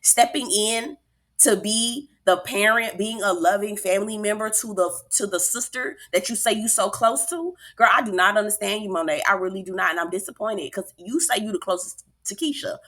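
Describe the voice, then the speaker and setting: A woman's voice: mid-range voice, moderate pace, fairly bright tone. A woman giving a sassy, emphatic casual recap of a reality show, talking straight to her viewers. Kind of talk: casual commentary vlog.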